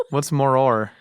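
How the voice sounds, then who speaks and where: A man co-hosting a casual podcast, joking and laughing often as he riffs quickly with his co-host. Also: mid-range voice, smooth, no echo, studio quality. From California.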